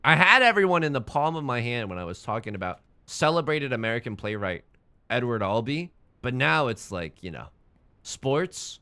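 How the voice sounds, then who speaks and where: His mid-range voice is sing-song, pushed and bright yet clean, delivered at a moderate pace. The young man casually chats while streaming a game, rambling, poking fun at himself and swearing when frustrated.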